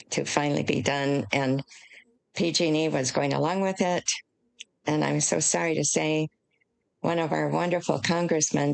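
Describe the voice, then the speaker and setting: An older woman from the United States, an author speaking as an interview guest, explaining in an earnest, measured way. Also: deep voice, creaky, low-quality recording. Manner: earnest, emotional at times, measured.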